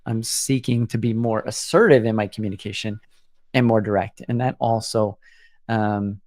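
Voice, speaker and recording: A man's voice: on the low side, fairly even intonation, moderate pace, darkish tone, dry recording. A man in his forties hosting a solo podcast, talking in an earnest, reflective way and often restarting his sentences. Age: 40s. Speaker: podcast host.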